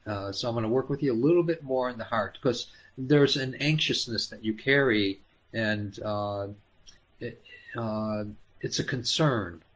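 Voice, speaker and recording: A man hosting a live healing stream, talking gently and haltingly with many fillers, coaxing viewers by name. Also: mid-range voice. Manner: coaxing, addresses viewers by name and calls them hon. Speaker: spiritual healer hosting a live Q&A.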